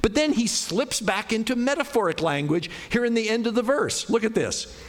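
A man's voice: sits high, expressive, normal speed. Conversational male pastor, emphatic sermon. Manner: conversational, self-deprecating, emphatic on scripture quotes.

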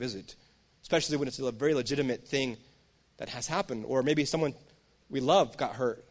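A man preaching a sermon in a conversational, storytelling way, often turning to the audience with asides. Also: mid-range voice. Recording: long reverb of a large hall.

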